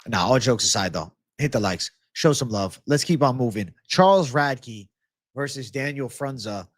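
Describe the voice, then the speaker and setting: A man's voice: mid-range voice, animated, normal speed. A man hosting a live-streamed MMA betting show, ranting with profanity to his chat about fight props. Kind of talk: live-stream prop picks talk.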